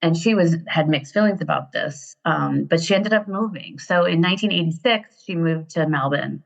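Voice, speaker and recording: Low, gravelly American woman. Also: normal speed. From Ohio, USA. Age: 50s. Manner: animated, digressive storyteller who laughs often. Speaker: guest. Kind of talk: casual storytelling interview. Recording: dull lo-fi sound.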